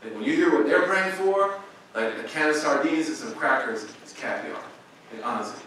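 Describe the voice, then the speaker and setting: A man's voice: on the high side, expressive, moderate pace, fairly bright tone, a little hiss or hum. A man from Oklahoma, a guest imam, giving a casual, slangy storytelling lecture and acting out other people's lines. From Oklahoma, USA. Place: university lecture room. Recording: very echoey hall, mic far off.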